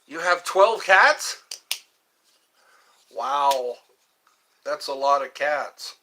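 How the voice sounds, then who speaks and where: A man's voice: fairly high pitch, lively intonation, very slow, pushed and bright, slight background noise. A man hosting a rambling live stream from his phone, cracking jokes and answering viewers' questions. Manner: jokey, reads viewer questions aloud and answers them. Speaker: livestream host.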